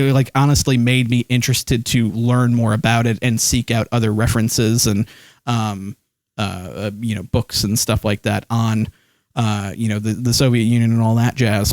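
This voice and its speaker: A man's voice: mid-range voice, no echo, studio quality. A man streaming live, rambling casually and reading chat comments aloud with lots of fillers while holding his phone. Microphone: desk microphone.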